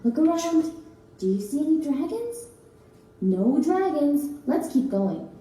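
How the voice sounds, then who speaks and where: A woman's voice: high voice, very animated, unhurried, dark tone. A woman, a children's librarian, leading a playful, half-sung action chant for children. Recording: echoey room from far off, guitar music.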